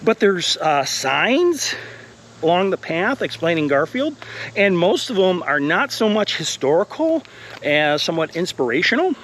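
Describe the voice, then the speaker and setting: A man's voice: sits high, big pitch swings, measured pace, a bit bright. Male college instructor, walking vlog, a bit out of breath, earnest and encouraging, faint outdoor noise. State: a little out of breath. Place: outdoor wooded path.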